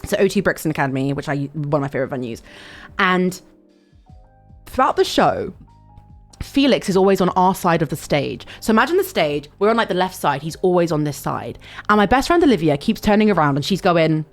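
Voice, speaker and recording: A young woman streamer telling a long story in a casual, animated way, swearing and breaking into sudden high squeals. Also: brisk, faint music behind.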